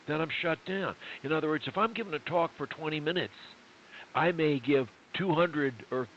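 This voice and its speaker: A man's voice: a little high, normal speed. A man coaching a student one-on-one, speaking emphatically in short punchy units and repeating his key phrases. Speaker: speech coach. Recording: dull lo-fi with faint hiss.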